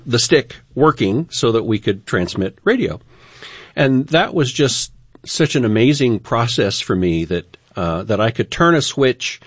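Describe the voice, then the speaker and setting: A man's voice: fairly low pitch, no room sound, studio quality. A man who is a former broadcaster, telling a reflective story on air in an earnest way. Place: radio studio. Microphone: studio microphone.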